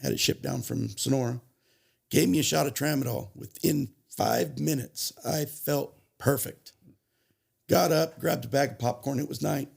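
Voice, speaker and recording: Gravelly, husky man telling his story. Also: mid-range voice. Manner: halting, restarts and self-corrections, emotional retelling. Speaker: podcast guest sharing recovery story. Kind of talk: personal storytelling.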